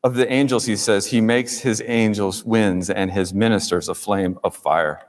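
A man's voice: fairly low pitch, fairly even intonation, normal speed. A man pastor preaching a sermon, addressing the congregation with emphatic rises and drops. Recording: long reverb in a large room.

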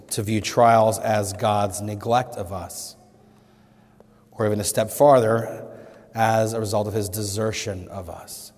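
A man's voice: fairly low pitch, a little mellow. A man preaching a sermon, earnest, lifting his voice when quoting scripture. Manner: earnest, rising emphatically on scripture quotes. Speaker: pastor. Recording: long reverb of a hall.

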